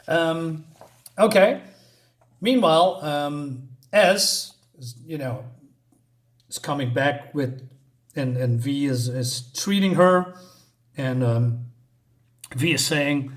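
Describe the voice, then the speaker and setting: A man reviewing a comic book in a casual, halting way, full of fillers and restarts while he recaps the story. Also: a little high. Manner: halting, many fillers and restarts, reads quotes aloud.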